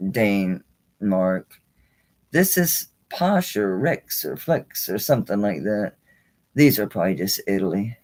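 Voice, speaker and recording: Late into a live jewelry auction stream, a weary, yawning woman keeps showing off pieces and setting their prices. Her talk is casual and lively, with a bouncy pitch and frequent mild cursing as she handles each item.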